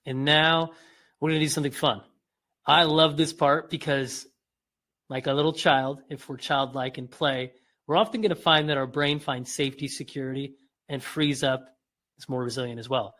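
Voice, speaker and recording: A man calmly guiding listeners through a breathing and mouth exercise, drawing out demonstration sounds as he coaches. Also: mid-range voice, normal speed. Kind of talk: guided exercise instruction.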